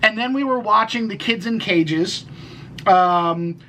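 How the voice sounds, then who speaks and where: Rambling man with a high voice. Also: slow pace, pushed and bright, a little hiss or hum, rough recording. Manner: rambling, many restarts and fillers, swears. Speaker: podcast co-host. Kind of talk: casual political chat.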